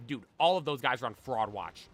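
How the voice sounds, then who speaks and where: A young man streaming casually, chatting excitedly and belting out theme songs. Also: medium pitch, fairly quick. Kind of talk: casual chat while shiny hunting.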